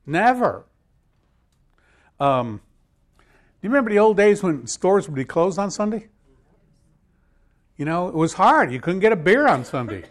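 A man's voice: high voice, sing-song, measured pace, long pauses. A man preaching a sermon, emphatic and repeating key phrases, joking with his listeners. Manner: repetitive, emphatic, jokes with audience.

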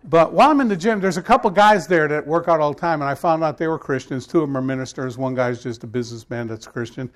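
Storytelling male pastor, fairly high voice. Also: fast, hardly any pauses. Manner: conversational storytelling, rising to emphatic scripture reading. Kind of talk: sermon.

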